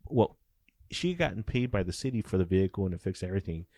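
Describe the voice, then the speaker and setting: A man's voice: low voice, lively intonation, fast, warm tone, no room sound. A middle-aged man and former police officer telling stories in a casual interview, swearing often and acting out the dialogue with animation.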